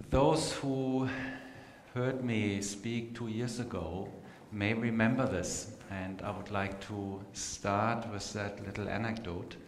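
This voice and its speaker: A man with a German accent giving an unhurried live talk to an audience, pausing often with fillers. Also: lowish voice. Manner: unhurried, hesitant with many fillers. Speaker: meditation teacher giving a talk. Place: meeting room with a live audience. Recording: echoey hall, faint noise.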